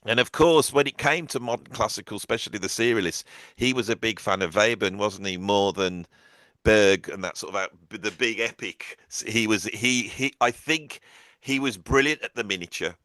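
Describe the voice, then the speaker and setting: Brief: deeper-voiced male guest, dry close sound, anecdotal storyteller. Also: normal speed, no echo. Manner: animated storyteller, acts out quotes. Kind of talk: conversational anecdote and music talk.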